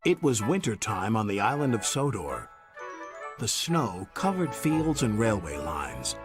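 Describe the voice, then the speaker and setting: A man narrating a children's story with an animated, scripted delivery. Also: lowish voice, a little slow. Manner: lively, animated telling. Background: background music.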